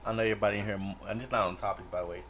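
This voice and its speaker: Low-voiced man asking questions quickly. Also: steady tone, fairly bright tone, slight background noise. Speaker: podcast co-host. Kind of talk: casual group chat.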